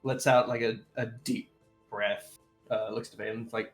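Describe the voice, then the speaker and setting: A man's voice: medium pitch, level tone, faint music behind. A man playing a tabletop game, describing his character's actions in an easygoing way. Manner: slow, easygoing in-character speech. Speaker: player.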